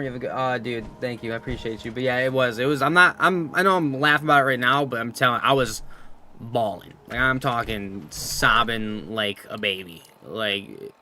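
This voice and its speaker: A man's voice: mid-range voice, bright, forceful tone, slight background noise. A man streaming a game, chatting casually, telling rambling stories full of swearing and reading his chat aloud.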